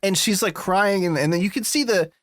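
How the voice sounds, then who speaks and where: A man's voice: high-pitched, fairly quick, fairly bright tone, dry recording, studio quality. A man co-hosting a podcast, chatting casually and rambling, swearing now and then. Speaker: podcast co-host. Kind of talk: casual chat.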